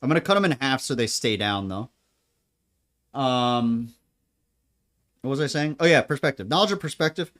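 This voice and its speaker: A man's voice: medium pitch, animated, moderate pace, pauses often, a bit bright. Rambling man chatting as he cooks. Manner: rambling, joking, laughs often. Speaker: home cook. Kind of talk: casual chat while cooking. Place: home kitchen.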